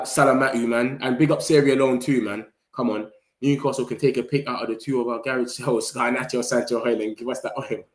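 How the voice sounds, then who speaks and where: A man's voice: mid-range voice, echoey room. A young man, chatting loosely and animatedly about football transfers as a channel host, full of slang and banter. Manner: animated slang-heavy banter, laughs often. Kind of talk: casual live transfer-news chat.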